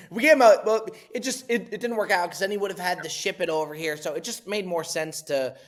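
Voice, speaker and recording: A young man hosting a casual podcast, telling a wild story in an animated way, with swearing and restarts. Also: sits high, normal speed.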